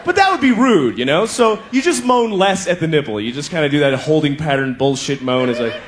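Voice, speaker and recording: A stand-up comedian performs a set in a live club recording, with audience laughter and room noise clearly behind him. His fairly high voice swings wildly up and down as he tells profane, animated stories, throws in conversational asides, and acts out quick bursts of other voices.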